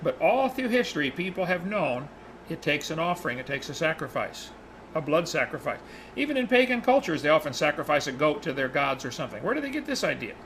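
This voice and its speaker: Bright-voiced man teaching a Bible lesson. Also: fairly high pitch, a little fast, slight background noise, rough recording. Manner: animated, acts out the characters' lines in his retelling.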